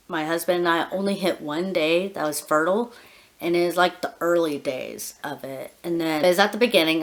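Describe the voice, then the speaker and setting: Low-voiced woman chatting candidly. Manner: candid, rambling, many fillers and soft laughs. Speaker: vlogger, dog groomer. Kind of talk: casual personal vlog.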